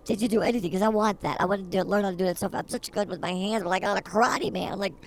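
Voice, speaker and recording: A woman co-hosting a comedy podcast, squabbling and grumbling with comic feistiness. Her mid-pitched voice carries a gravelly, creaky texture. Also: very fast. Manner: feisty, mock-combative complaining. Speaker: podcast co-host. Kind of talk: comedic banter.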